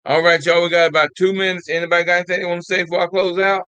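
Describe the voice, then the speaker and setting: A man's voice: high voice, little pitch movement, rapid-fire, sharp tone, clear, resonant tone, no room sound, poor audio. An older man hosting a live call-in talk show, exhorting his listeners in a repetitive, folksy way and calling them "y'all.".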